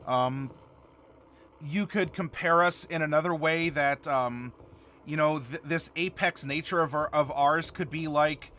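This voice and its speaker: A man's voice: fairly high pitch, steady tone, measured pace, sharp tone. A man hosting a live stream, chatting casually and answering viewer comments while he builds a game character. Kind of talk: casual livestream chat.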